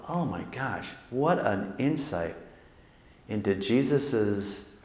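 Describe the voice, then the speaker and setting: A man, a Jesuit priest, giving an animated, joking talk to an audience, acting out quotes and often tagging lines with "right?". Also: lowish voice, slow pace. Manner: animated, jokey, acts out quotes, frequent "right?" tags. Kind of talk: lively faith talk to an audience. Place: large hall with audience. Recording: echoey hall with long reverb.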